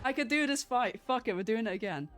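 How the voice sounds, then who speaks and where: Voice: mid-range voice, lively intonation, fast talker, fairly bright tone. A streamer giving casual gameplay commentary, full of sarcasm, laughter and swearing.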